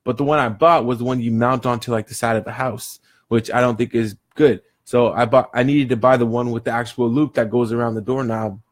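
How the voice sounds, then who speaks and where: Animated man telling a rambling story. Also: mid-range voice, a little fast, few pauses. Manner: animated, rambling, laughs between phrases. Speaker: vlogger telling a daily story. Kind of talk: casual storytelling to camera.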